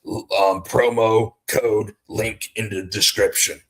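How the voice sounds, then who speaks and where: A man's voice: on the low side, steady tone, a little slow, hardly any pauses, fairly bright tone. A man hosting a casual livestream, rambling and greeting viewers as they arrive. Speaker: livestream host.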